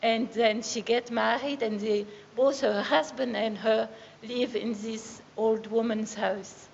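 A woman's voice: a little high, fairly even intonation, slow pace, vocal fry. An older woman with a French accent telling an earnest faith story to a church congregation. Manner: earnest storytelling, some hesitation. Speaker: preacher's wife giving testimony. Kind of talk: sermon testimony. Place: church hall. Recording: echoey hall, muffled sound, faint background noise.

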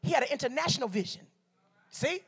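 A woman's voice: sits high, animated, quick pace, fairly bright tone. A woman from Detroit preaching a sermon as a guest speaker, calling on the congregation to answer back and telling stories along the way. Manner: call-and-response preaching, storytelling asides.

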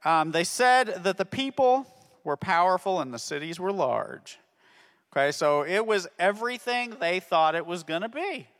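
Another high-pitched, slightly bright male voice at normal speed leads a Bible story lesson for children, his intonation lively. He keeps checking in with "okay?", and the hall adds a long reverb.

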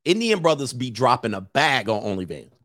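A man hosting a casual commentary stream, brash and joking, talking over clips he pulls up. His pitch swings widely as he riffs, and the sound is close and dry. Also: very animated, brisk, a bit bright, no echo. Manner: brash, joking, laughs often.

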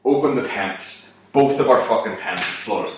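A man in his thirties, a comedian telling a profane story and swearing constantly, jumping his voice up for quoted shouts. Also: mid-range voice, measured pace. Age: 30s. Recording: very echoey room, mic at a distance.

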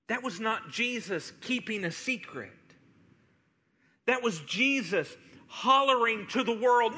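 A man's voice: extremely high pitch, expressive, slow pace, sharp tone. A man preaching a sermon as pastor, pleading and impassioned, with much repetition.

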